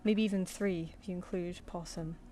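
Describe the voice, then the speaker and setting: A woman's voice: fairly low pitch, fairly even intonation, moderate pace, dark tone. Chatty woman over faint music. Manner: chatty, rambling, laughs easily, talks to viewers and her cat. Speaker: streaming artist. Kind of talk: casual chat while drawing.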